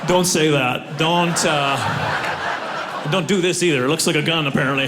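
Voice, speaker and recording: A man from Canada doing an animated stand-up set, full of fillers and sudden loud outbursts. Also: on the high side, measured pace, over a noisy crowd, very noisy. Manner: animated, acts out voices, loud bursts and many fillers. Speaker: stand-up comedian. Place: comedy club stage before a laughing audience.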